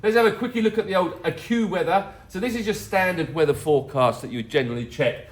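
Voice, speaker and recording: A man's voice: high voice, fast. A middle-aged man hosting a casual weather vlog, talking in a jokey, rambling way. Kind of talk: casual chatty weather update.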